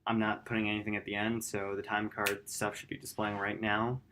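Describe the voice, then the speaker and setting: A man's voice: monotone, brisk, noisy background. A man hosting a gaming channel, talking through his upload plans in a rambling, self-correcting late-night vlog. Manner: quiet, low-key.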